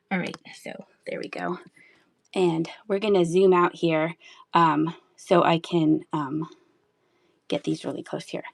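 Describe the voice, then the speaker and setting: A woman's voice: medium pitch, vocal fry. A woman in her thirties chatting casually while selling items on a live stream, laughing often and talking to viewers. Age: 30s. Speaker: live auction seller.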